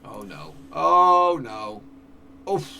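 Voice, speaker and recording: Guy commentating his football sim, gets hyped, bit high, gravelly. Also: extremely slow, far from the mic, slight background noise. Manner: excitable, cheers at goals, talks to his players. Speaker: gaming YouTuber. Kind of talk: live commentary over a football management game.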